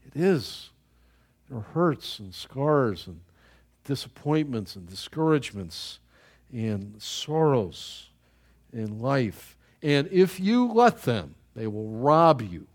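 An older man preaching a sermon as pastor, animated, with chatty asides to the congregation and frequent repeated words. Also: on the high side, breathy edge.

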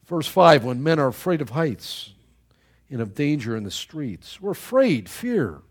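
A man's voice: a little high, very animated, husky. A man preaching a sermon in a folksy storytelling way, chuckling at his own anecdotes and often restarting his sentences. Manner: halting with repeated restarts.

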